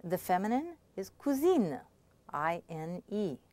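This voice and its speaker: Woman instructor, mid-pitched, patient and clear, dry recording. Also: lively intonation, unhurried, darkish tone, no room sound. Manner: patient, clear explaining with frequent check-ins. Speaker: language instructor. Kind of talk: scripted pronunciation lesson.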